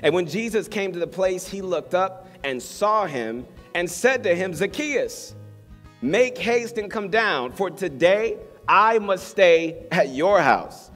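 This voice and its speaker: A man's voice: sits high, lively intonation, takes it slowly. Fervent preacher man in a reverberant hall. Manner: fervent, exhorting. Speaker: pastor. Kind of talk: sermon. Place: church hall with live congregation. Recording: long hall reverb, soft guitar behind.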